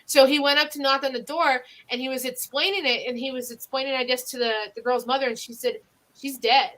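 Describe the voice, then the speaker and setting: A woman's voice: high voice, fairly even intonation, quick pace, a bit bright. A woman with a Northeastern Pennsylvania accent, hosting a podcast and telling local ghost stories in a rambling way with many fillers and restarts. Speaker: podcast host. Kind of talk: casual ghost-story chat.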